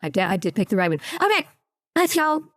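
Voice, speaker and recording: A woman's voice: mid-range voice, sing-song, fast, background noise. A woman streamer reacting live to a podcast, giggly and flustered, thanking viewers.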